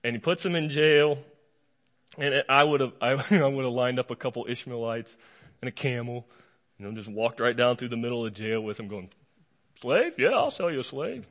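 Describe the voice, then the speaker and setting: A man's voice: mid-range voice, fairly even intonation, brisk, fairly bright tone, highs cut off. A middle-aged male pastor preaching a humorous sermon, retelling a story playfully and acting out the quotes.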